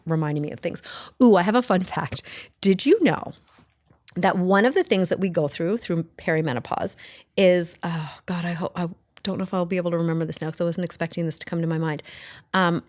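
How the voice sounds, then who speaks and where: A woman's voice: lowish voice, a little mellow, no echo, studio quality. A middle-aged woman hosting a podcast, talking casually and bluntly, rambling with self-corrections and acting out bits of past conversations. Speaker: podcast host. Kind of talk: casual solo podcast talk.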